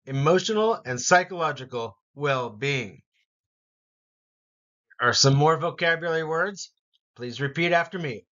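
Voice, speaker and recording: Slow, bright-voiced male English teacher. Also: a little high, animated, highs cut off. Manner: slow, deliberate word-by-word pronunciation. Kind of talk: vocabulary lesson with repeat-after-me drills.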